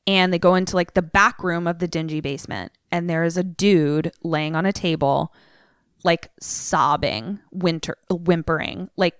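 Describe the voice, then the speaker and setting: A woman's voice: fairly low pitch, clean tone, dry recording, studio quality. A young adult woman co-hosting a podcast, casually recapping a film in a loose, irreverent way full of "like". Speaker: podcast co-host. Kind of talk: casual movie recap chat.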